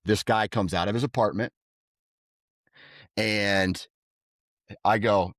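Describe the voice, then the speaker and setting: A lowish male voice, slow and casual, tells stories on a podcast he co-hosts, acting out what people said in an animated, raised voice. The recording is dry, with clean studio sound.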